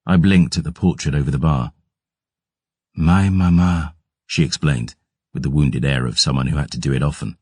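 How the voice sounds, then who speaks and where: A man giving gruff, measured first-person audiobook narration. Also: extremely low pitch, no room sound.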